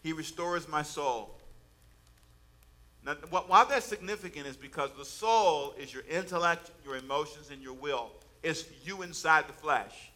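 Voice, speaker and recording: Bright-voiced male preacher. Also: fairly high pitch, normal speed, hardly any pauses. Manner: preaching with call-and-response prompts to the congregation; swings between quiet asides and loud emphatic bursts. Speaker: pastor. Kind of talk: sermon.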